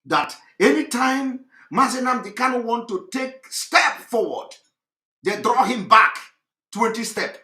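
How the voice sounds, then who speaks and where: A man giving impassioned political commentary, fervent and repetitive, often breaking into shouts. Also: very high voice, animated, a little slow. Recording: echoey room.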